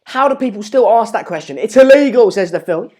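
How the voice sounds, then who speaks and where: A man's voice: high-pitched, lively intonation, brisk. A man with an English accent hosting a live stream, chatting casually and reading out viewer comments in a rambling, jokey, self-deprecating way. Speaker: livestream host.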